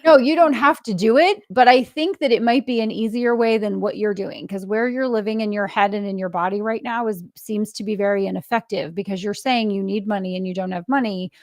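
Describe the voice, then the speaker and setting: A middle-aged woman hosts a casual podcast conversation at a middle pitch. She tells anecdotes with animated, acted-out dialogue and laughs often. The recording is dry and close, with no room sound. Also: a little fast, few pauses, dry recording. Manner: animated storyteller acting out quoted dialogue; laughs often mid-story. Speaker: podcast host.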